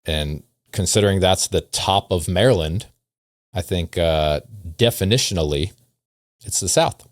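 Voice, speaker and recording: A man's voice: deep voice, measured pace, dry recording, clean studio sound. A man hosting a casual podcast, rambling and wry, with self-deprecating asides. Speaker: podcast host.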